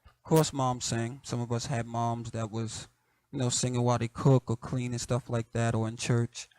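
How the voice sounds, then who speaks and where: A middle-aged man with a light Southern accent hosts his show, talking in a relaxed, conversational way full of "you know" and soft laughs. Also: medium pitch, moderate pace, no room sound. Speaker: host. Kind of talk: casual reflective monologue.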